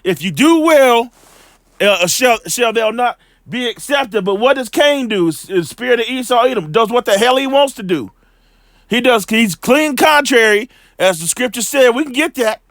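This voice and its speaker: A man giving a loose, slangy scripture lesson, full of fillers and repeated "all right", slowing down when he reads the verses. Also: very high-pitched, animated, a bit bright, dry recording, studio quality. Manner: reads scripture slowly and deliberately. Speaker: bible teacher.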